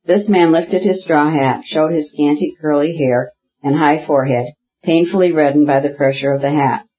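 Husky male audiobook narrator. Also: on the high side, fairly even intonation, normal speed. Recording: dull lo-fi audiobook recording.

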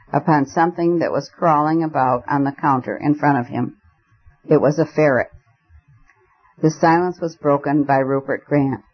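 A man narrating a story aloud as an audiobook reader, in a measured, expressive way. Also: on the high side, dull audio. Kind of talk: scripted narration.

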